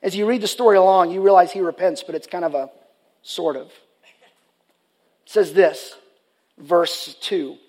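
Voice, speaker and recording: A man's voice: sits high, moderate pace, pauses often, darkish tone. A man preaching a sermon, earnest and conversational, often restarting his sentences. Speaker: pastor.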